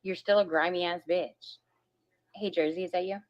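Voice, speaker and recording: A woman's voice: lowish voice, fairly even intonation, moderate pace. A woman hosting a casual reaction stream, blunt and brash, with heavy swearing. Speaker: stream host. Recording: slightly muffled lo-fi audio.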